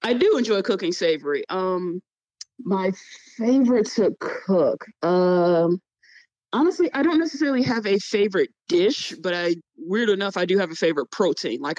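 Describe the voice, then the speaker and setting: Chemist lady answering questions, relaxed and open, some ums, dry sound. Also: medium pitch, normal speed, dry recording, highs cut off. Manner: relaxed, open, with hesitant fillers. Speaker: guest chemist and baker. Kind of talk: casual interview answers.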